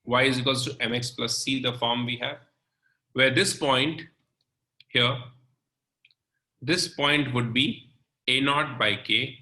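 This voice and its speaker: A male chemistry teacher walks through a lecture slowly, step by step, checking in with "okay" and "right". His voice is very bright and sharp. The recording carries a noticeable room echo. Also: mid-range voice, steady tone. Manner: slow, step-by-step explaining with frequent "okay" and "right". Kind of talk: recorded lecture explaining on a board.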